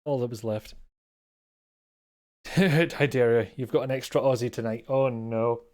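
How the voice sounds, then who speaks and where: Chatty Scottish streamer, self-mocking. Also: male voice, medium pitch, fairly even intonation, measured pace, a little mellow. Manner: rambling, self-mocking, chuckles often. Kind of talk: casual live-stream chat.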